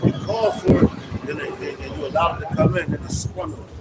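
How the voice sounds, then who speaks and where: A man preaches outdoors on a city street, his voice lively and rising high in pitch as he makes his points. He talks emphatically in slang and keeps calling the listener "man." He stands back from the mic, with loud traffic behind him. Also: fast, far from the mic. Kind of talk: street ministry discussion. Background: traffic noise.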